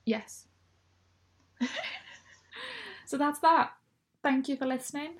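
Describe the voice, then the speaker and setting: A woman's voice: sits high, slow. A woman, co-hosting a casual book podcast and laughing often. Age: 20s. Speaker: podcast co-host. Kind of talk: casual book club chat.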